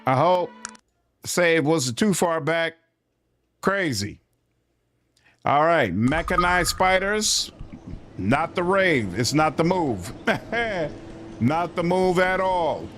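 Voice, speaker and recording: A man's voice: on the high side, fairly bright tone. A man streaming a role-playing game, chatty and reactive, laughing often as he comments. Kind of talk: casual gameplay commentary. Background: game music.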